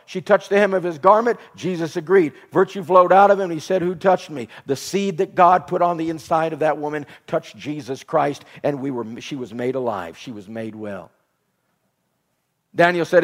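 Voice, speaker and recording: A man preaching a sermon in emphatic, repetitive phrases, with soft instrumental music behind him. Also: on the high side, normal speed.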